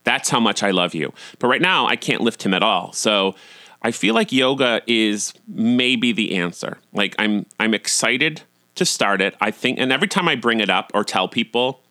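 A middle-aged man hosting a podcast, telling a personal story in a candid, self-deprecating way and getting animated when he acts out scenes. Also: fairly low pitch, normal speed, dry recording, studio quality. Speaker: podcast host.

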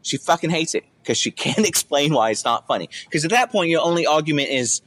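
A young man on a casual podcast, swearing a lot and joking as he tells stories, now and then jumping up high to act out other people. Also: animated, fairly quick. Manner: profane, jokey storytelling with loud high-pitched bits when he acts out others. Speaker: podcast co-host.

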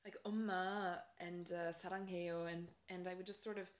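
A woman's voice: on the low side, flat delivery, fast. A woman from the United States in casual chat, talking reflectively with many fillers and restarts. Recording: roomy echo.

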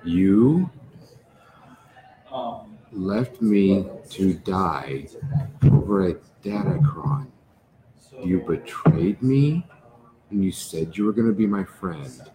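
A man's voice: deep voice, big pitch swings, takes it slowly, long pauses, background noise, exaggerated voice. Man doing a tearful betrayed cyborg girl. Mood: tearful accusing. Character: heartbroken young female cyborg, tearful and accusing.

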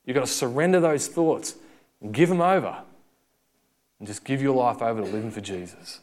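A man's voice: mid-range voice, normal speed, long pauses, a little mellow. A young man preaching a sermon, telling a story in a conversational way and acting out the quotes.

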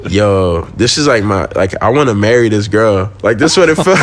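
A man's voice: on the low side, animated, moderate pace. Slangy young man telling a story. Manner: slangy, swearing, laughs while telling stories. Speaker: podcast guest. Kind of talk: casual storytelling.

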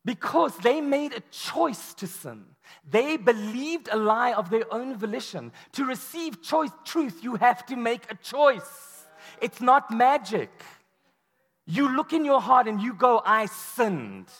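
A man preaching a sermon to a room, telling the story with animated, acted-out quotes. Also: very high-pitched, unhurried. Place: large hall or church. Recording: long hall reverb.

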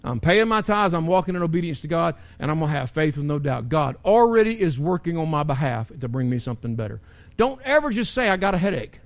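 Male pastor, high voice, animated sermon delivery with strong dynamic swings. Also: quick pace. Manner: animated, acts out quotes, rising and falling emphasis. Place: church.

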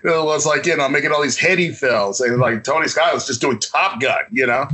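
Husky bright-voiced man, rambling chat. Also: medium pitch, normal speed, rough recording. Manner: rambling, heavy on fillers and restarts. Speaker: podcast co-host. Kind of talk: casual chat.

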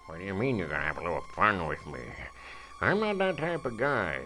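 A man's voice: deep voice, wildly swooping pitch, brisk, exaggerated voice. A man playing a stubborn tied-up male captive in a homemade comedy skit, rambling and hesitant with many fillers. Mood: protesting. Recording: loud music over the voice. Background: loud music.

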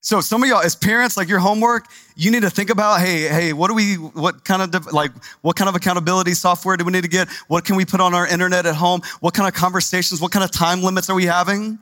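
A man's voice: high-pitched, fairly even intonation, fast talker, hardly any pauses, bright, forceful tone, no room sound. A male pastor delivering a sermon in a conversational, emphatic way, repeating phrases for stress.

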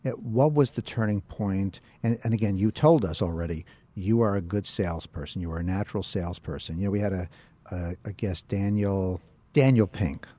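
A man's voice: sits low, normal speed, mellow. A man hosting an interview, asking long rambling questions with many restarts. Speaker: interview host. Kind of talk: interview conversation.

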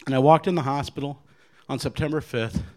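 A guest speaker, a man with a mid-range voice, gives an earnest personal faith testimony to an audience at a brisk pace. He becomes animated when acting out other people's lines and restarts often.

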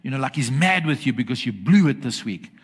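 Male preacher, mid pitch, emphatic, checks in with the congregation. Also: lively intonation, fairly quick, husky. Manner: emphatic, asks the congregation for agreement. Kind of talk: sermon. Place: church with congregation.

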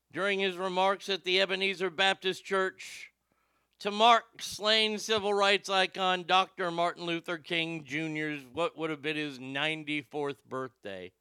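A man's voice: high-pitched, sharp tone, clean tone, dry recording. A man hosting a political commentary show, sarcastic and profane, mocking what he plays. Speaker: host.

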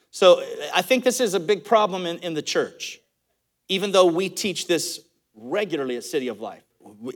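Male pastor, high voice, lively sermon delivery with laughs and false starts; conversational and animated. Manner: animated, laughing storyteller with restarts.

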